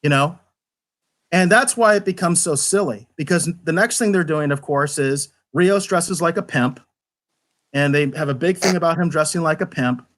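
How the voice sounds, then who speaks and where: Animated, rambling man reviewing a show. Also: a little high, normal speed. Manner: animated, rambling with many restarts. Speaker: podcast co-host. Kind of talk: casual review chat. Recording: live online show.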